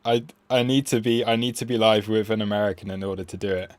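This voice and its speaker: A man's voice: on the low side, fairly even intonation, quick pace, no echo. A man hosting a live trading stream, chatting casually with frequent fillers and self-mocking asides.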